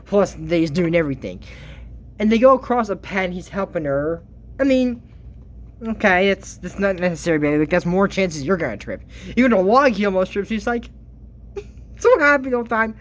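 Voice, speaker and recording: A commentator recapping a cartoon in casual comedic commentary, exasperated, with laughing asides. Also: mid-range voice.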